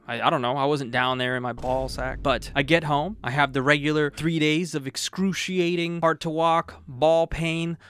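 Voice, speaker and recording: A man's voice: on the high side, little pitch movement, moderate pace, few pauses, fairly bright tone, a little hiss or hum. A tired man in his thirties rambling through a jokey, self-deprecating monologue to camera on a wired microphone. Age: 30s. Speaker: vlogger. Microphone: wired XLR microphone.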